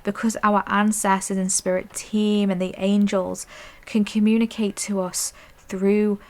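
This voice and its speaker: A woman giving a soft, affirming pick-a-card tarot reading, often checking in with "okay?" and "I'm hearing.". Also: medium pitch, little pitch movement, measured pace. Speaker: intuitive tarot reader.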